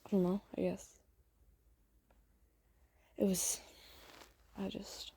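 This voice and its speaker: A sweet, shy teenage boy from a spoken fan story, halting and full of little hesitations, voiced plainly by a woman. The tone is dark and mellow with a breathy, husky edge. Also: mid-range voice, little pitch movement, heavily acted. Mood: relieved. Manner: hesitant, stammering with fillers.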